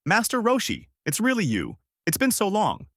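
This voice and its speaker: A man's voice: fairly low pitch, expressive, slow, fairly bright tone, dry recording, clean studio sound. A man voicing a huge, remorseful male warrior king in a raised, emotional voice.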